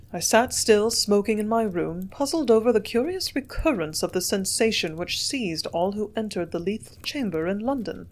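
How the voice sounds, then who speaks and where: A woman narrating a classic novel in a measured, steady way, at an ordinary middle pitch. Her reading is even and unhurried, suited to a long audiobook chapter. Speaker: audiobook reader.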